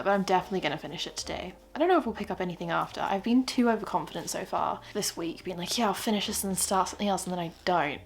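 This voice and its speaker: A young woman in her twenties chatting casually in a reading vlog, gushing and excitable, laughing often. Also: mid-range voice. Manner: gushing and excitable about books. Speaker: book vlogger.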